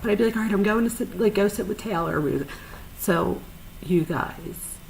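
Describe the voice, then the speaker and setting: A woman telling a personal story in a chatty, animated way, with frequent fillers and sudden high-pitched asides. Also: moderate pace, creaky, a little hiss or hum, low-quality recording. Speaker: podcast host, psychologist.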